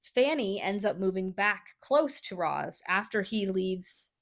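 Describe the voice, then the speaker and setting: A woman's voice: medium pitch, animated, takes it slowly, fairly bright tone. Chatty, swearing woman podcast host. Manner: chatty, swears freely, many fillers. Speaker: podcast host telling a history story. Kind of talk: casual storytelling chat.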